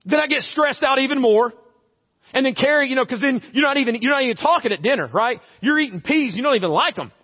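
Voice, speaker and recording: A pastor with a strikingly high voice delivers a chatty, funny sermon, slipping into quick everyday scenes. His voice rings out through a long church-hall reverb, and the recording sounds a little dull. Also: lively intonation, breathy edge. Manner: conversational, humorous, acts out little scenes. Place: church sanctuary.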